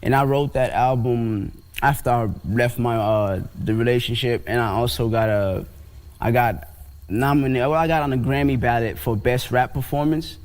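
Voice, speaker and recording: A man, a musician guest on a TV morning show, talking in a relaxed, slangy, plainspoken way. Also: medium pitch, normal speed. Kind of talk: casual TV interview talk.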